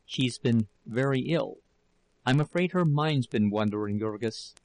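A frightened, protective woman in a storybook reading, hushed and hurried, as a male narrator voices her. The voice underneath is gravelly and dry. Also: mid-range voice, expressive, no room sound. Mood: anxious, hushed.

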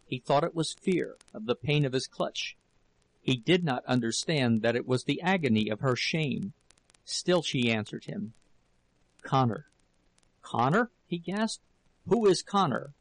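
A man narrating a classic novel as an audiobook, in a measured, deliberate reading. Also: medium pitch, animated, vocal fry, poor audio.

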